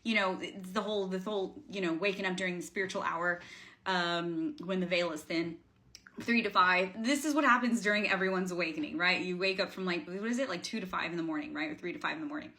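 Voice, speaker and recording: A woman with a lowish, sharp voice talks fast in a casual vlog, speaking straight to camera as a spiritual coach. She rambles earnestly, full of fillers and restarts.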